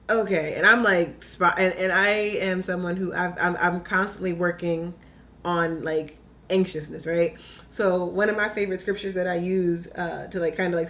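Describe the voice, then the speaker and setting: A young woman telling a personal story in casual chat, animated and full of "like", acting out her own quotes. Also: on the low side. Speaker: podcast guest.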